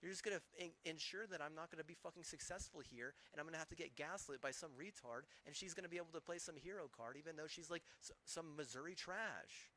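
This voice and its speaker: A man's voice: fairly high pitch, fast talker, few pauses, sharp tone. A man streaming, ranting angrily with heavy swearing and rambling, restarting sentences. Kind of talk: angry profane rant.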